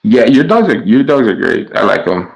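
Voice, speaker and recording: A man's voice: mid-range voice, sing-song, normal speed, creaky, dull audio. A man streaming live and chatting casually with his viewers, stumbling over his words and trading sarcastic jabs with chatters.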